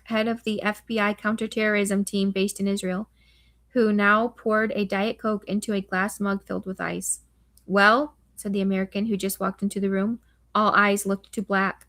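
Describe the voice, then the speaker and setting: A woman narrating a thriller novel as an audiobook, reading steadily with occasional slips and restarts. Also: mid-range voice.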